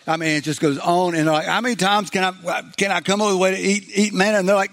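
A man's voice: high-pitched, fairly quick, fairly bright tone. A man preaching a sermon in a loose, conversational way, acting out biblical voices with humor and many restarts. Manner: frequent fillers and restarts. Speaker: pastor.

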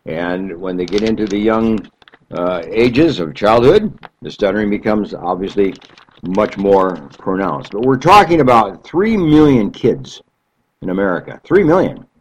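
A man giving an explanatory talk, slow and deliberate, stretching key phrases for emphasis. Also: lowish voice, lively intonation, muffled recording, slight background noise. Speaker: speaker explaining stuttering.

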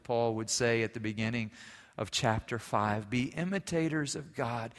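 A man preaching a sermon as pastor, swinging from loud emphasis to quiet, intimate passages. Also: medium pitch, moderate pace. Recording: long reverb of a large hall.

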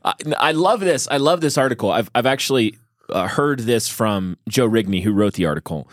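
Low-voiced man, enthusiastic co-host. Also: brisk, no room sound, clean studio sound. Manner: enthusiastic, musing, restarts sentences. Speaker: podcast co-host. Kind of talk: casual discussion.

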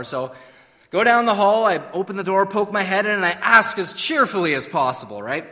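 A man's voice: high-pitched, moderate pace, pushed and bright, in a large hall. A man preaching a sermon, emphatic and full of rhetorical questions. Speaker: pastor.

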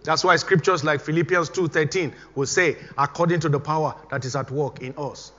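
High, bright-voiced pastor preaching. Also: male voice, brisk. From Nigeria. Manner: emphatic, repeating exhortations. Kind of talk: sermon. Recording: dull recording with long hall reverb.

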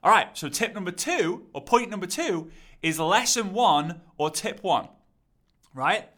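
Man, content coach, bright, forceful, slightly high voice, punchy repetition. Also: lively intonation, measured pace. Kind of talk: energetic teaching monologue.

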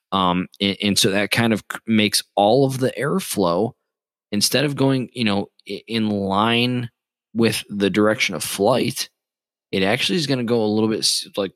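A man's voice: lowish voice, a bit bright, dry recording. A man who works as a flight instructor, explaining aviation in a rambling, casual way with lots of fillers and restarts.

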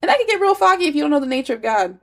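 A woman's voice: high-pitched, big pitch swings, very fast, a bit bright. A woman giving a casual, emphatic devotional teaching with chatty asides, her nose stuffy and congested. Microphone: phone.

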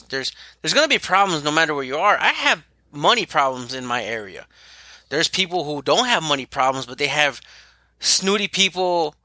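With no room sound at all, a man who runs an auto repair shop tells stories in casual chat. His voice sits on the high side, bright and forceful, and his delivery is loose and rambling with frequent restarts.

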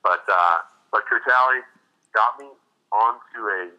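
A man's voice: mid-range voice, measured pace, dull audio. A man, a retired hockey enforcer, telling profane stories as a podcast guest. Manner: profane, animated anecdotes with acted quotes. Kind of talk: casual storytelling interview.

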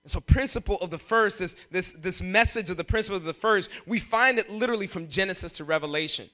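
A man preaching a sermon, emphatic and animated, often jumping up in pitch for emphasis. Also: quick pace. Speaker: pastor.

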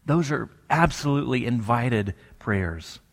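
A man's voice: mid-range voice, expressive, fairly bright tone. Man preaching in a reverberant hall. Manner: conversational storytelling with dramatic pauses. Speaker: pastor. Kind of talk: sermon.

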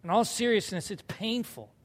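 A man's voice: sits high, moderate pace, long reverb tail. A young man preaching a sermon in a casual, conversational way, often asking his listeners questions. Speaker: pastor.

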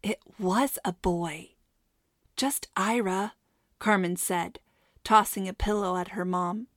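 A woman's voice: fairly low pitch, fairly even intonation, measured pace, no echo. Woman narrating a storybook, dry sound. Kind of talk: audiobook narration.

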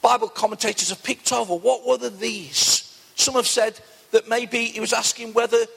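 A man's voice: very high-pitched, steady tone, normal speed, vocal fry, a bit bright, slightly rough. A man preaching an earnest sermon as pastor, often calling his listeners friends. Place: church hall. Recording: long church reverb.

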